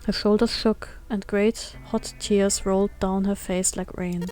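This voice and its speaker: Woman, reading visual novel aloud, steady, occasional slips. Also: mid-range voice, a little slow, faint music behind. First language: German. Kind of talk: reading game text aloud.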